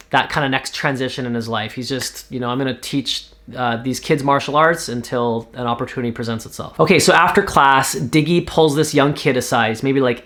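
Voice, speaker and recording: A man from Canada casually pitching a TV series, talking in a rambling way with lots of fillers. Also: fairly bright tone. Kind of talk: casual spoken story pitch.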